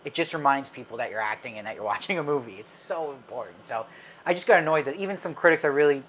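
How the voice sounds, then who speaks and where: A man's voice: medium pitch, lively intonation, quick pace, fairly bright tone, a little hiss or hum. A man in a mid-range voice hosts a live fan chat about films. He talks casually and opinionatedly, answering viewers' comments as they come in. His delivery is loose, with plenty of fillers and restarts. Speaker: film commentator host.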